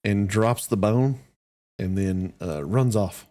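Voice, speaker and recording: A man narrating as dungeon master, in an easygoing, halting way with fillers. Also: lowish voice, warm tone. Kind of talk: narrating a tabletop game.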